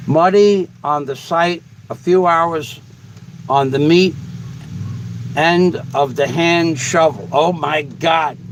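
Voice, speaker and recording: A man's voice: a little high, a little hiss or hum, poor audio. Blunt, profane male livestream host. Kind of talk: casual livestream chat reading comments.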